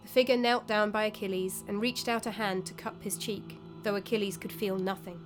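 Woman narrating a story calmly. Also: mid-range voice, fairly quick, hardly any pauses, soft background music.

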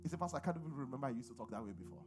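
A man's voice: medium pitch, lively intonation, racing, over music. A middle-aged man with a Nigerian accent preaching a sermon and calling on the congregation to respond. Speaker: pastor.

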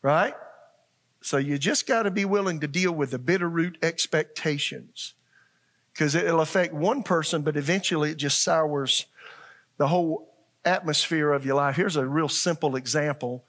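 Speaking a little high with a fairly bright tone and moderate pace, a sixty-something pastor preaches to his congregation in the church sanctuary. His style is earnest and folksy, with repeated lines and frequent check-ins with listeners.

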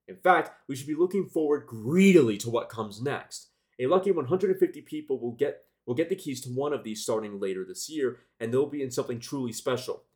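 Animated man reading car news. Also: mid-range voice, fairly quick. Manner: reads with frequent restarts and self-corrections.

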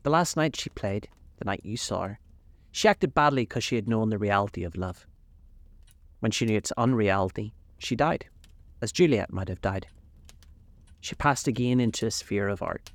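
A man voicing a cold, vain young gentleman in a storybook reading, languid and dismissive. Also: fairly low pitch, no room sound.

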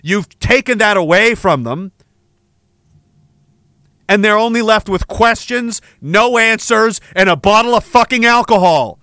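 High, bright-voiced man ranting angrily. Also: unhurried, dry recording, studio quality. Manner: angry, sarcastic, profane. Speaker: podcast host. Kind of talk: ranting monologue.

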